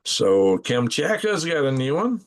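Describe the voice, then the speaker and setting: A man's voice: mid-range voice, very animated, a little slow. A man hosting a casual live stream, rambling in a folksy way and thinking aloud as he clicks through maps at home at night. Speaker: channel host.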